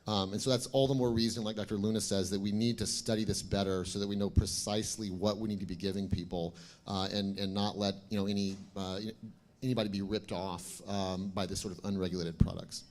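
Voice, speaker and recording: A man's voice: fairly low pitch, little pitch movement, fairly quick, a little mellow. A man moderating a conference panel, chatting casually as he adds comments and puts questions to the speakers. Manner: conversational, posing questions to the panel.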